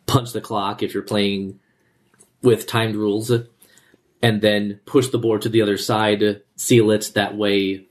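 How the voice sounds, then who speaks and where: A man narrating a tabletop role-playing game as game master, often stumbling over and repeating his words. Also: fairly low pitch. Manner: halting, repeats words and says uh.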